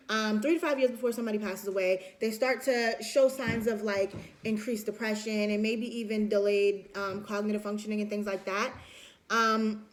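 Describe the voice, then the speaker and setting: Lecturer woman with a higher-pitched voice, chatty and informal, acts out examples for students. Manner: chatty, acts out examples, many fillers and restarts. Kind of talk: casual recorded lecture.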